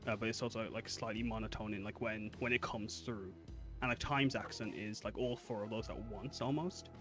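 A man's voice: lowish voice, steady tone, brisk, music in the background. A man running a tabletop game as game master, who explains at length with many "like"s and laughs easily.

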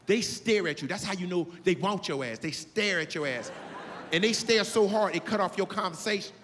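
A male stand-up comedian telling a story on stage in a loud, punchy, high-energy way. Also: normal speed, slight background noise. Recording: live club hall with loud crowd.

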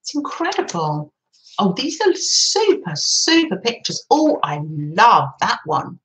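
Gushing woman crafting, lively, unhurried. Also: mid-range voice, low-quality recording. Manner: gushing, coos "how lovely" often. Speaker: craft vlogger. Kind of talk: chatty crafting commentary. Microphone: camera on desk.

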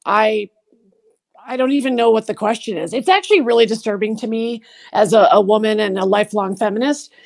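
A woman's voice: a little high, brisk, darkish tone. Catty, gossipy woman comedian in her sixties. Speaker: comedian guest. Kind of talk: podcast interview.

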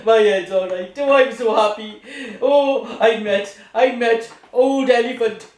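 Woman as egg puppet, fussy, chattering, high, slow, roomy echo. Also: darkish tone, lightly acted. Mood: happy. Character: cheerful bumbling egg Humpty Dumpty. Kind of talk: children's puppet show.

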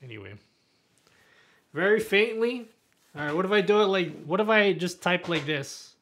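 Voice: medium pitch, lively intonation, normal speed, a bit bright. A livestreamer chatting casually on stream while showing off a build, rambling and self-mocking, laughing often. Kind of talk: casual live stream chat.

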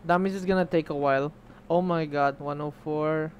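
A man's voice: on the high side, steady tone, moderate pace, a little hiss or hum. A young man streaming a game, chatting casually, swearing and reading the game's text aloud. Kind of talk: casual let's play commentary.

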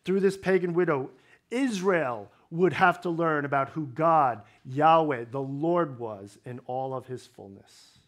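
A man's voice: a little high, a little slow. A male pastor preaching a sermon, explaining scripture in a conversational way with wry humor.

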